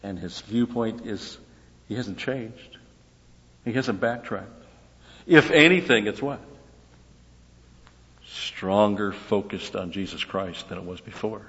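A man with a lowish voice teaches scripture verse by verse in an easy, talkative way, often posing a question and answering it himself. The sound is dull and lo-fi. His voice rings through a large hall with a long echo. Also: steady tone, slow pace, pauses often. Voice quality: conversational, asks and answers own questions. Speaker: Bible teacher.

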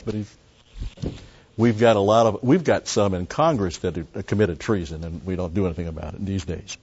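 Low-voiced preacher. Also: male voice, a little mellow, slightly rough, highs cut off. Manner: deliberate, pausing, with emphatic rises. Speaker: pastor. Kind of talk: expository sermon.

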